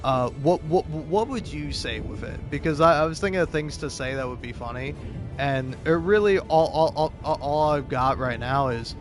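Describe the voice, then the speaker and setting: A man's voice: fairly high pitch, animated, normal speed. A young man chatting casually as he plays and comments on a game, rambling with many restarts and swearing. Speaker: YouTuber, gameplay commentator. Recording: game music behind.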